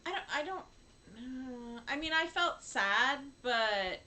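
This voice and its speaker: A woman in her fifties co-hosting a casual chat, laughing often and acting out quotes with big jumps in pitch. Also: animated, slow pace, sharp tone, poor audio. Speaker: podcast co-host.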